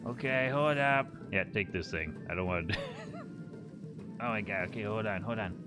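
A man's voice: on the low side, animated, moderate pace. A man streaming a game, chatting casually with crude jokes and lots of swearing. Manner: crude, joking, swears often. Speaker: gaming streamer. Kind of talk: casual gameplay commentary. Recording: game music behind.

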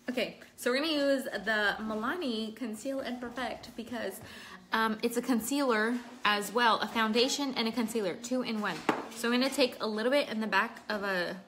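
A woman's voice: a little high, moderate pace, fairly bright tone. A woman chatting casually through a makeup tutorial at home, breaking off to talk to her child. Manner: chatty, scattered, talks to viewers and her child mid-task. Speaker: makeup vlogger. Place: at home indoors.

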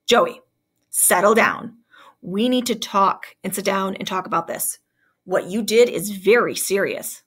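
A woman's voice: mid-range voice, unhurried, a bit bright, husky, voice pushed down. A woman reading aloud as a strict but fair male middle school principal, scolding firmly. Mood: stern. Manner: stern, firm, scolding.

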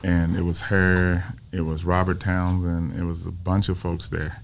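A man in his fifties, a filmmaker guest on an interview show, telling personal stories in a casual, animated way and acting out the voices of people he quotes. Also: low-pitched, unhurried, vocal fry, slight background noise. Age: 50s.

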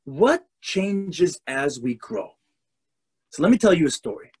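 Husky animated storytelling rabbi. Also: male voice, fairly high pitch, a little slow. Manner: animated storyteller, shifts voices for characters. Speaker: rabbi and lecturer. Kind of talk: storytelling lecture. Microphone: video call.

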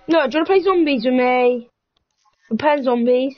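A woman's voice: sits high, moderate pace, no echo, highs cut off. A woman chatting casually while playing an online game with a friend, playful and teasing, laughing often. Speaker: gaming vlogger. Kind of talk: casual gaming chat.

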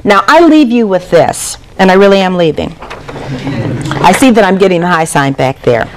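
A woman's voice: lowish voice, normal speed, noisy background. A middle-aged woman giving a speech to an audience, telling stories with rising emphasis. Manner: storytelling with lively rising emphasis. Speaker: speaker at a public event.

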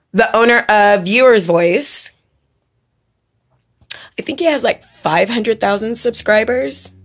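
A woman's voice: a little high, a bit bright. A woman ranting to camera as a vlogger, blunt and profane, scolding and repeating words for emphasis. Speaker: vlogger and makeup teacher. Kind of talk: angry casual rant to camera.

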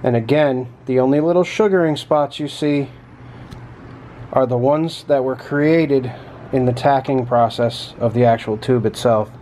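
A man showing his welding work in a relaxed, plain-spoken way, with casual swearing, recorded in his fabrication shop. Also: medium pitch, a little slow, a little hiss or hum. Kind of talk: casual show-and-tell.

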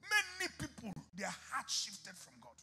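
A male pastor preaching a sermon, moving from hushed storytelling to shouted exhortation, acting out talks with God in whispers. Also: high-pitched, wildly swooping pitch, unhurried, faint music behind. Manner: acts out dialogue with God in whispers. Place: church.

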